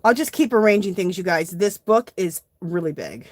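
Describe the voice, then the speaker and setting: A woman's voice: lowish voice, expressive, normal speed, a little mellow. A woman hosting a casual live art journaling tutorial, chatting to viewers as she works. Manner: chatty, addresses viewers as "you guys".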